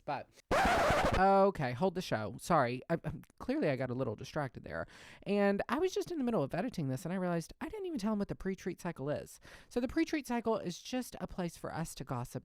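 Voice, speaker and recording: A man's voice: no room sound, studio quality. A young man from Louisiana with a Southern twang, hosting a comedy podcast in a gossipy, self-deprecating chat. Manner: chatty, gossipy, self-deprecating, lively swings in pitch and loudness. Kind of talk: casual solo podcast chat. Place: home-made podcast set with hung backdrop.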